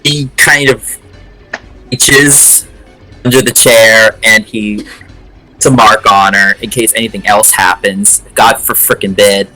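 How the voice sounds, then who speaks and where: A man's voice: lowish voice, fairly even intonation, slow, pushed and bright, faint music behind, rough recording. A man casually playing a tabletop role-playing game, rambling and hesitant.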